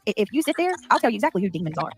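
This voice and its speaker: A woman's voice: mid-range voice, sing-song, racing, slightly rough, faint music behind. A woman on a livestream, ranting angrily and profanely at her critics. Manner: profane, heated, rambling. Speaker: livestreamer in a played clip. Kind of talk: angry livestream rant.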